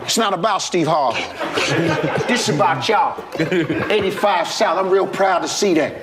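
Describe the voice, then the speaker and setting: A man's voice: high-pitched, moderate pace, natural voice. A man doing an impression of a boastful comedian and host, with drawling, preachy punchlines. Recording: loud background noise.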